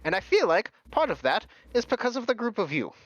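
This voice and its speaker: An effusive carnival host gushes in a high, swooping voice, fussy and overly polite, as a man puts him on. The sound is dull and lo-fi. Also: very animated, fairly quick, no room sound. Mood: gushing.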